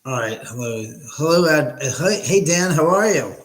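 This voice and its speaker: A man's voice: a little high, expressive, normal speed, low-quality recording. A man hosting a casual live stream from his own house, chatting with viewers and reading out their comments. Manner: chatty, reads and answers chat comments aloud. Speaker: livestream host.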